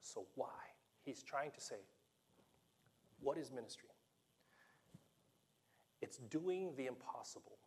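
A man preaching a sermon to a congregation, animated and playful, acting out the dialogue of the scripture story with laughs and asides. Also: medium pitch, slow pace, vocal fry, pauses often, husky. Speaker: pastor.

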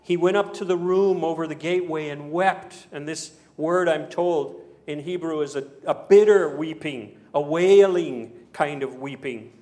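A male pastor delivering a sermon with a somewhat high voice. He tells the story with drama, pressing hard on some lines and dropping to a hush on others. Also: a little slow, hardly any pauses. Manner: dramatic storytelling, swings from emphatic to hushed.

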